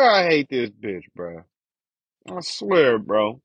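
A man's voice: medium pitch, sing-song, takes it slowly, a bit bright, husky, dry recording. A young man ranting with frustration and heavy profanity in a casual podcast monologue about his family. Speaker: podcast host. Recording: dull lo-fi dry recording.

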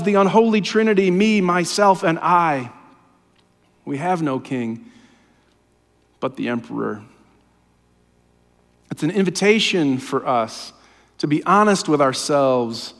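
A man preaching a sermon, impassioned and often dropping to a hushed, low voice. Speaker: pastor. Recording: long hall reverb.

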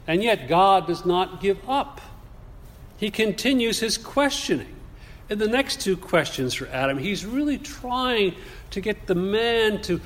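A man preaching a sermon in a measured, deliberate way, putting rhetorical questions to his congregation. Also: high voice, a bit bright. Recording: long reverb of a large hall.

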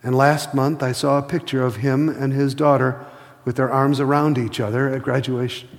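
A man preaching a sermon, telling stories with passion and slowing to a hush for emphasis. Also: medium pitch, flat delivery, creaky, big-room sound. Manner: impassioned storytelling, slows to a hush for emphasis. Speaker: pastor.

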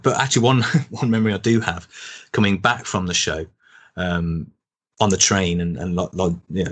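A man's voice: sits low, husky. A man, a guest in a casual interview, rambling and chuckling through old memories. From Birmingham, England. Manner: rambling, restarts often, chuckles while telling stories.

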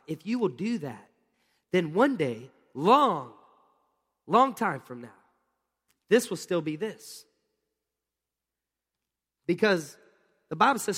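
A man's voice: on the high side, moderate pace. Preaching man in a reverberant hall. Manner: casual, animated preaching with audience questions. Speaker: pastor. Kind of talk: sermon.

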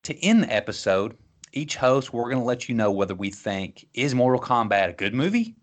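A man's voice: mid-range voice, big pitch swings, a little fast. A man hosting a casual movie podcast, upbeat as he introduces the segment. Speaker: podcast host.

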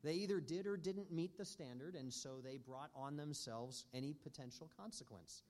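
A man teaching a church parenting class in an earnest, measured way with frequent pauses. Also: on the high side, a little mellow.

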